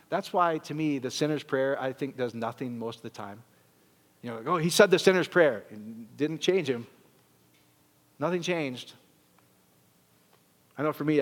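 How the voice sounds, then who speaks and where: A man preaching to his congregation in an animated, joking way, his voice sitting a little high for a man. The sound rings with a long reverb through the church hall, as if carried across a large room. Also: moderate pace, long pauses. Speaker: pastor. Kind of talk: sermon.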